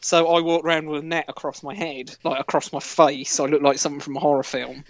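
An English man co-hosting a casual podcast, blunt and deadpan with plenty of swearing. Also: a little high, fast talker, muffled recording. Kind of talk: casual banter.

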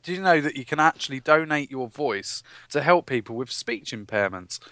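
Lively sweary English man hosting. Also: medium pitch, moderate pace, no echo. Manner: sweary, laughing, leads the topic. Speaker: podcast host. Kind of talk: casual banter.

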